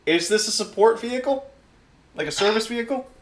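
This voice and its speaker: A man's voice: high-pitched, expressive, brisk, echoey room, pitched above the performer's own voice. A man voicing an overeager male admin clerk with a clipboard, talking in an overly polite, bureaucratic way. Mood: chirpy.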